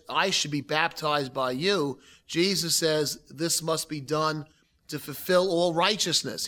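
A man's voice: on the high side, fairly bright tone. A man preaching a sermon, reading scripture aloud and explaining it verse by verse. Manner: expository Bible teaching, reads scripture aloud then explains. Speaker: pastor.

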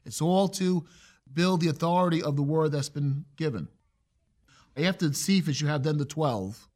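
A man delivers an expository Bible lesson with a slightly high voice. He speaks earnestly and with emphasis, changing his pace to stress certain points. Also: normal speed, darkish tone. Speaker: preacher.

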